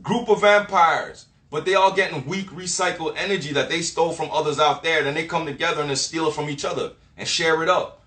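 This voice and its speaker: A man delivers a loose, swearing monologue straight to his viewers, full of slang. He acts out other people with mocking laughs and nonsense sounds, in a sharp, forceful voice pitched a little high. The room around him rings with echo. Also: brisk. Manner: animated, profane, slangy, mimics others with laughs and sound effects. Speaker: spiritual talk host.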